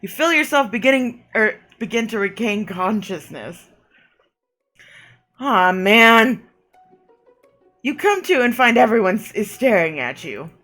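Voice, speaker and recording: A woman's voice: on the high side, sing-song, measured pace, pauses often, fairly bright tone. A woman streaming a game with a sore throat, reading the on-screen text aloud and breaking off to chat. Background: game music.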